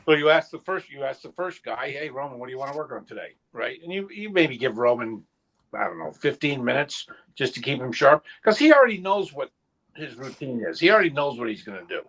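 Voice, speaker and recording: A middle-aged man on a casual podcast, speaking in halting bursts with many restarts. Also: mid-range voice, sing-song, fairly bright tone, poor audio. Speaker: podcast co-host, goalkeeper coach. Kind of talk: casual round-table chat.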